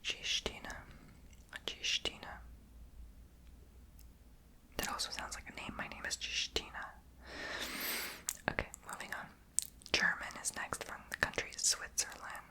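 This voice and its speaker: A man whispering in ASMR style, softly repeating foreign words over and over, with self-deprecating chatty asides. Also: moderate pace, pauses often. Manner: repeats each foreign word softly many times. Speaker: ASMR creator.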